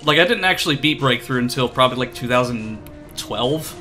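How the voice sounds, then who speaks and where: A man's voice: medium pitch, lively intonation, a little fast, pushed and bright, soft background music. A man streaming a video game, chatting casually in a rambling, self-deprecating way with lots of fillers. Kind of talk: casual chat while playing.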